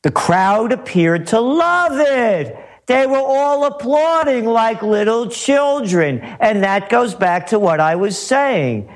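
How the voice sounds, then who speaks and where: A male guest commentator on talk radio with a high, very lively voice. He speaks slowly and sardonically, lecturing with open scorn.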